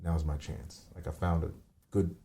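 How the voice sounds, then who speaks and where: A man's voice: rumbling low, level tone, moderate pace, mellow. A man in his forties telling a personal story as a podcast guest, candid and rambling, swearing casually. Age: 40s.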